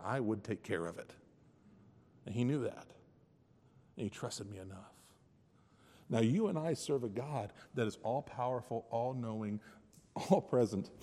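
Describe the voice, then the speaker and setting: A man preaching a sermon as a missionary, telling stories in an animated way. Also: mid-range voice. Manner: animated storytelling. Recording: echoey hall reverb.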